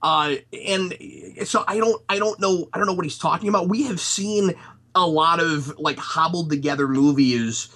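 A man's voice: on the high side, normal speed, bright, forceful tone. A man in a casual podcast chat, giving a rambling critique of a movie with lots of restarts. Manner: rambling, many restarts and fillers.

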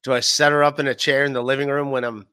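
A man with a bright, forceful voice chats casually as a comedian guest. His humor is dry and deadpan, and he often restarts his sentences. The sound is dry and close. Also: mid-range voice, fast talker, clear, resonant tone, dry recording. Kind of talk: casual interview chat.

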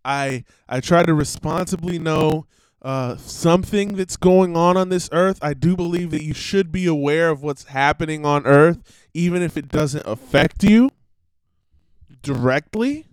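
A man's voice: a little high, unhurried, clear, resonant tone, dry recording, low-quality recording. A man on a one-man stream, ranting bluntly and profanely in rambling asides that he breaks up with laughs.

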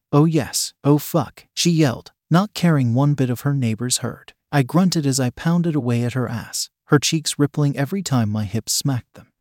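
A man narrates a first-person adult story at an even, deliberate pace. His voice sits in a middle register. The recording is close and dry, with no room around it. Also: mid-range voice, no room sound.

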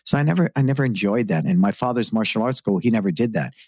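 Man, middle-aged, deep, slightly husky, dry close sound, earnest reflective interview talk. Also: expressive, quick pace, a little mellow, dry recording. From San Francisco. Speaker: guest, martial arts school owner. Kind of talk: podcast interview.

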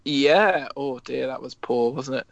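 A man co-hosting a podcast in casual chat, enthusiastic and animated, swearing freely. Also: mid-range voice, a little slow, vocal fry, no echo, dull audio. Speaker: podcast co-host.

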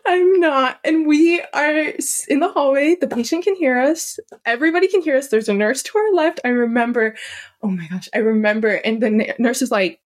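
A young woman with a slightly raised pitch co-hosts a podcast and recounts a personal story. She talks casually and with emotion, leaning on "like" as she goes. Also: normal speed. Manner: animated and emotional, heavy use of "like". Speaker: podcast co-host.

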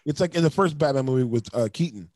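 A man's voice: medium pitch, lively intonation, fast, darkish tone, no echo. A man co-hosting a casual movie podcast, laid-back and swearing freely as he acts out lines from films. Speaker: podcast co-host.

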